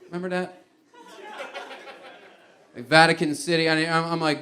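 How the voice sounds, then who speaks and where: A male stand-up comedian spins a loose, rambling story from a comedy stage. His voice sits a bit high for a man. He often chuckles and trips over his own restarts. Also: moderate pace, pauses often, sharp tone.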